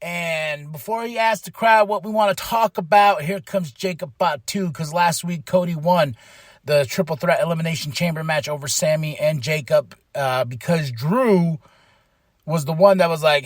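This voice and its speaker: High-voiced hyped-up podcast host, man. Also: moderate pace, no room sound, studio quality. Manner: excited, animated storytelling with hype shouts and laughs. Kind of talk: casual wrestling recap.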